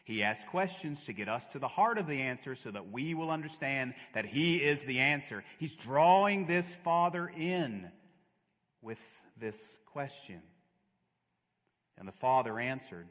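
A male pastor preaching a sermon, swinging from hushed, slow lows to fervent, louder peaks. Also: very animated. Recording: long hall reverb.

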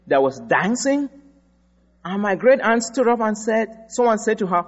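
A man's voice: high-pitched, very animated, moderate pace. African man preaching in an echoing hall. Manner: storytelling, emphatic. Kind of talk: sermon. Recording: dull recording in a large echoing hall.

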